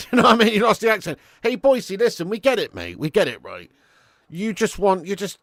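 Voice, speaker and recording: A man's voice: a little high, no echo. A man, hosting a football watch-along live stream. He is sweary and full of banter, and he talks straight to his viewers. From Birmingham area, England.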